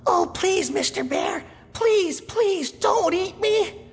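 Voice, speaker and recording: A man voicing a frightened little boy pleading with a bear in a high, squeaky voice, as an example in a storytelling lesson. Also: lively intonation, takes it slowly, big-room sound, exaggerated voice.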